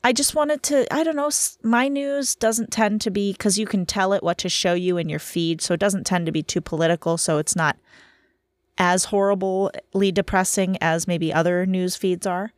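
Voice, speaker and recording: A woman's voice: mid-range voice, steady tone, normal speed, no echo. A woman in her thirties hosting a casual solo podcast, chatting in a rambling, self-deprecating way while tired from lack of sleep. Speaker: podcast host.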